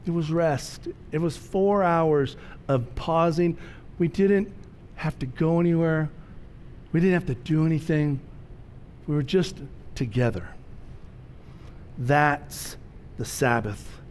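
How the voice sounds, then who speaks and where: A middle-aged man preaching a sermon in a conversational, storytelling way, slowing down to stress key words. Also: on the high side, a little mellow, slight background noise. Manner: conversational, storytelling preacher with slow emphatic phrases. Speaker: pastor.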